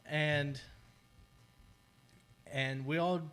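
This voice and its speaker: Young guy podcasting, kinda higher voice, easygoing storyteller. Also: fairly even intonation, drawn-out words, fairly bright tone, clear, resonant tone. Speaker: podcast co-host. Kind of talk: casual chat.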